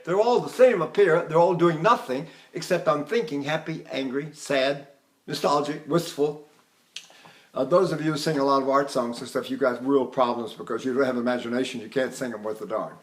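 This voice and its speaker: A man's voice: mid-range voice, a little fast. An older man teaching vocal technique in a recorded lecture, talking casually and breaking into sung vowels to demonstrate. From Texas.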